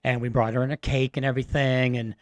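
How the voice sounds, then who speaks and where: A man from Massachusetts, a radio guest, telling a personal story in an earnest, halting way with many fillers. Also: mid-range voice, level tone, no echo. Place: radio studio.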